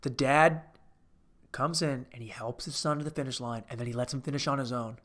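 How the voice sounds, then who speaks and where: A man's voice: mid-range voice, brisk. Rambling comic man on tangents. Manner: rambling, goes off on tangents, bursts of excitement. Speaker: host. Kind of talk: comedic rambling movie recap.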